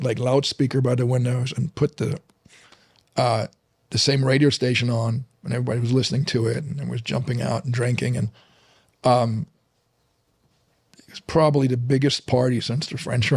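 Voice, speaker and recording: A man's voice: medium pitch, flat delivery, normal speed, vocal fry, a little mellow, dry recording, clean studio sound. A middle-aged man from Berlin with a German accent, a guest in a casual interview, telling stories with many restarts and fillers. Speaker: guest, fitness trainer.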